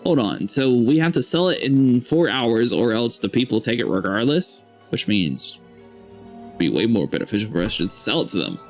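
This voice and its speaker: Male game host, casual let's play commentary, expressive voice, soft background music. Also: medium pitch, moderate pace. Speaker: gaming channel host.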